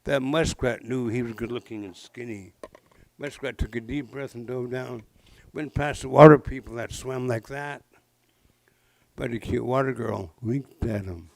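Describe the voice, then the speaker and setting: A Pacific Northwest storyteller in his sixties speaks at a measured pace in a creaky, slightly mellow medium-pitched voice. Telling traditional legends at a public library talk, he engages the live audience playfully with jokey asides and questions. The audio is dry and poor.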